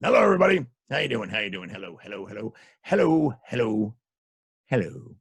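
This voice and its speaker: A man's voice: on the low side, sing-song, fairly quick, creaky, breathy edge, voice pushed down, exaggerated voice. A storyteller man voicing a friendly, goofy wolf puppet who greets the audience.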